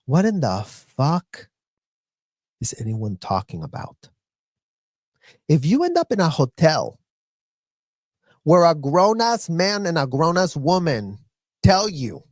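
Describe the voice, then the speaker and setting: A man with a high voice delivers an angry, profane rant, circling back on the same phrases again and again. He speaks slowly and deliberately, with a dry, close sound and no room echo. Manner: heated, profane, repetitive ranting. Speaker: commentator and former child member of the group.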